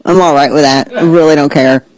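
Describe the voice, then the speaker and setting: A woman hosting a talk show, ranting in a sarcastic, animated way and slipping into mocking voices. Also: deep voice, fairly quick, rough recording. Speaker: podcast host. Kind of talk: casual opinion commentary.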